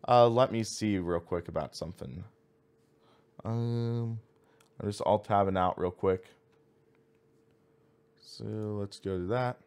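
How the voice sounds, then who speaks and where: A man's voice: lowish voice, slow pace, pauses often, a little mellow. A man streaming a racing sim, thinking aloud as he reads out menu items and chats with viewers. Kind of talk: casual live-stream commentary.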